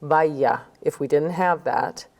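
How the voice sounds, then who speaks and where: A woman's voice: sits low, unhurried, warm tone. A woman teaching a recorded grammar lesson, explaining step by step and checking in with "okay?". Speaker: Spanish teacher.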